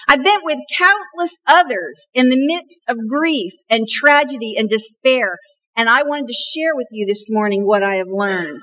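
A middle-aged woman pastor preaches in a high voice. She tells her stories warmly and slows right down to lean on repeated refrains. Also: low-quality recording. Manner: slow emphatic refrains, storytelling. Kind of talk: sermon.

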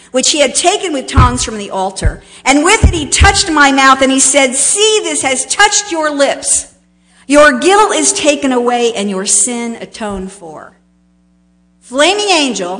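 High-voiced woman preaching a slow, emphatic sermon. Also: a bit bright. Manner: slow, emphatic preaching with dramatic pauses and swells.

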